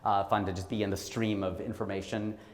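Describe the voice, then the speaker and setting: A man's voice: on the low side, level tone, fairly quick. A man in his forties from Ohio, giving a live motivational talk in a playful, self-mocking storytelling way. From Ohio, USA. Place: talk room or hall with an audience. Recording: long hall reverb.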